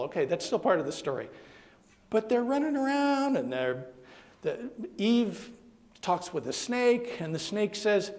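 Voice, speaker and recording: A minister giving a sermon in an animated, conversational storytelling manner, with plenty of fillers and restarts. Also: male voice, sits high, normal speed.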